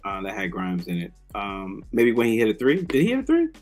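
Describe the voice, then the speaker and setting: A man's voice: fairly low pitch, wildly swooping pitch, brisk, darkish tone, soft background music. A man co-hosting a sports podcast, easygoing, chiming in and agreeing. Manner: easygoing, agreeing, laughs along. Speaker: podcast co-host. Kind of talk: casual sports chat.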